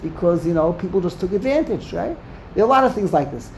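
A man's voice: high voice, animated, fast, vocal fry, darkish tone, a little hiss or hum. A man leading a Talmud study discussion, asking rhetorical questions and mixing in Hebrew terms. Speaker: Torah study teacher.

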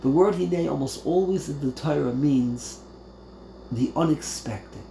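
A man's voice: on the high side, measured pace, vocal fry, mellow, a little hiss or hum. A man teaching a verse-by-verse Torah class, mixing Hebrew terms into English, emphatic, with many repeated phrases and rhetorical questions. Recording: roomy echo, faint ambience.

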